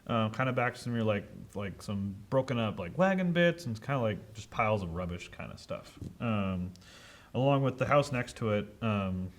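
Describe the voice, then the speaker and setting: A man's voice: lowish voice, animated, normal speed. A man narrating as game master in a casual, rambling way with many fillers.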